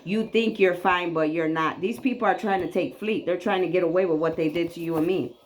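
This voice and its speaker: A woman's voice: on the low side, steady tone, brisk. A woman in her late forties giving an emphatic, repetitive spiritual tarot reading, preachy and casually profane. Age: 40s. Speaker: psychic reader.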